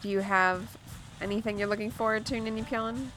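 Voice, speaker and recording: A woman streams a video game and chats casually over game music, playfully musing aloud and repeating words to test them. Her voice sits on the high side, brisk and a bit bright, with fairly even intonation.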